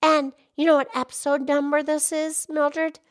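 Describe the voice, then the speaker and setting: A woman co-hosting a podcast in casual chat, talking quickly and excitedly. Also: high voice. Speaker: podcast co-host.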